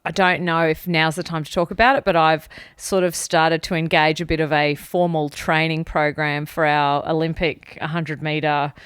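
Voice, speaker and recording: A woman's voice: low voice, little pitch movement, moderate pace, fairly bright tone, clean tone, dry recording, studio quality. A young adult woman, co-hosting a podcast in a candid, casual chat, laughing often. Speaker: podcast co-host.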